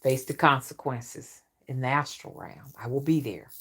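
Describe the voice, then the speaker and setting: A woman's voice: a bass voice, moderate pace, fairly bright tone, slightly rough. A middle-aged woman, telling a stern, warning story to her viewers in a casual monologue. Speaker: rootwork spiritual reader.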